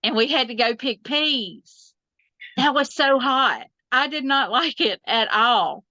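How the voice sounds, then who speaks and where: A woman's voice: high-pitched, animated, takes it slowly, sharp tone, no echo, lo-fi sound. A middle-aged woman, chatting as a guest on an interview podcast. She laughs often and trails off into restarts. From Southern United States. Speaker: guest quilter. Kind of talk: casual interview chat.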